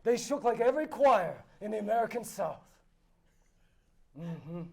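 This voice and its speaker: Man cast as a pompous, high-voiced noble raconteur, grand and theatrical, improvised live. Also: animated, a little slow, creaky, a little mellow, full character voice. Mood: boastful. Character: boastful male noble spinning absurd tall tales. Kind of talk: improvised tall-tale role-play. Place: live convention panel room.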